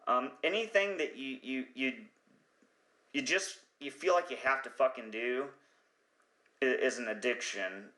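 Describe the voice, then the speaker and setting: A man's voice: medium pitch, a little slow, pauses often, sharp tone, reverberant. A man hosting a podcast, talking in a rambling, profane comedic monologue who sometimes loses his train of thought. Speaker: podcast host.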